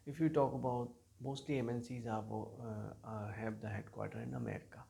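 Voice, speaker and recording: A man's voice: mid-range voice, fairly even intonation, a little fast, vocal fry, warm tone. A man, coaching learners in an earnest, emphatic teaching monologue. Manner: earnest, emphatic advice with frequent repetition and restarts. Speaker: English speaking coach.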